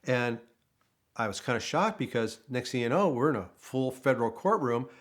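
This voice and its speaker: A man's voice: mid-range voice, moderate pace. An older man, a former car dealership manager, telling a story casually and acting out the dialogue as he goes. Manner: animated storytelling, acts out quoted dialogue. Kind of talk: casual anecdote.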